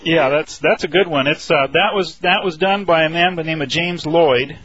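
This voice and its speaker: A male radio host with a somewhat high voice chats in a casual, halting way, full of fillers and restarts. The sound is dull and lo-fi, like an old radio broadcast. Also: a bit bright, breathy edge.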